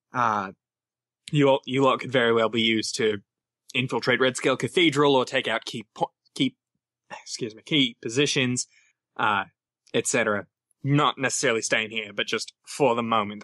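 A man's voice: mid-range voice, bright, forceful tone, dry recording, lightly acted. A man voicing a brusque male pony trader.

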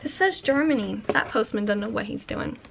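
A young woman, chatting casually to camera while opening fan mail, sassy and excitable, swearing freely. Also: on the high side, fairly quick, gravelly, noisy background.

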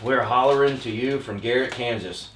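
A man's voice: mid-range voice, normal speed. A man hosting a casual vlog, reading fan mail aloud and teasing his friends. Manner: teasing, jokey, reads letters aloud. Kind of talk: casual chat. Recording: roomy echo, distant mic, background noise.

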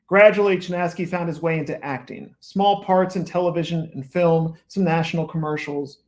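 A man's voice: fairly high pitch, fairly even intonation, moderate pace, a little mellow. Man reading aloud with wry asides. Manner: wry asides between read passages. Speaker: author. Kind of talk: reading from his own book at a bookstore event.

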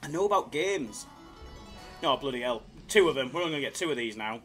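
A man chatting casually on his live slots stream, excitable and self-mocking, swearing freely as he reads the chat. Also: mid-range voice, fast, breathy edge, soft background music.

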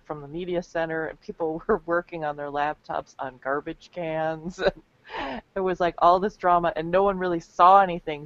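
A woman's voice: low-pitched, no echo, muffled recording. A woman co-hosting a casual comedy webcast, chatty and laughing often. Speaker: co-host.

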